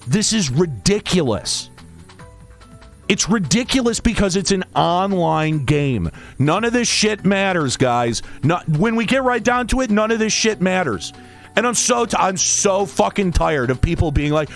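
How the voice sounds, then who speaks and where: Exasperated man ranting, high and swooping. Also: very animated, measured pace, soft background music. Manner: exasperated, profane, sarcastic. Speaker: streamer and podcast host. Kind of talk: angry rant.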